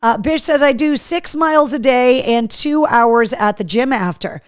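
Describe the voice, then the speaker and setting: A woman hosts a live show, chatting casually and reading out viewer comments. Her voice sits a little high. The sound is dry and close, with no room echo. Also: measured pace, clear, resonant tone. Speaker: host. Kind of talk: casual live-stream chat.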